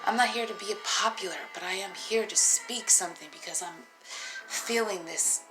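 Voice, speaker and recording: Worn out single mama venting to her phone, gravelly voice, cussing and rambling, music playing behind her. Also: mid-range voice, moderate pace. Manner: profane, emotional, rambling, laughing to herself. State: tired. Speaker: single mother vlogger. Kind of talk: raw unscripted vlog monologue.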